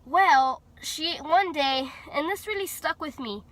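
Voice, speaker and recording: A young woman from Houston, Texas, with a high-pitched, fairly bright voice and slow pace, tells a personal story as a vlogger. It's casual storytelling, chatty and full of fillers, with quoted dialogue acted out.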